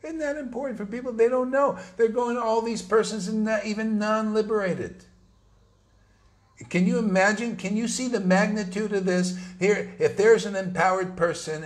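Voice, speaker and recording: A man giving an informal, emphatic sermon to his followers, talking conversationally with slangy asides. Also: high-pitched. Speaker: spiritual teacher.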